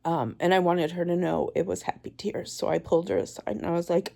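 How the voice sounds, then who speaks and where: A woman in her forties giving a tearful, halting vlog, crying as she talks. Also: lowish voice, fairly even intonation, creaky, mellow. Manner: tearful, halting, with many pauses and restarts. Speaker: vlogger. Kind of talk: emotional personal vlog.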